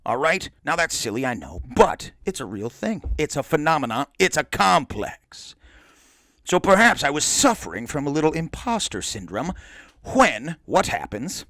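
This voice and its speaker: A man's voice: fairly high pitch, big pitch swings, normal speed, fairly bright tone, no echo. A middle-aged man hosting a podcast, telling a rambling, profane, boisterous story. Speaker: podcast host. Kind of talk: casual storytelling monologue.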